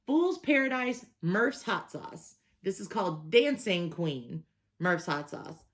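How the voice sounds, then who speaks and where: A woman's voice: mid-range voice, sing-song, takes it slowly. A young adult woman hosting a casual hot sauce review, chatty and enthusiastic as she reads the labels aloud.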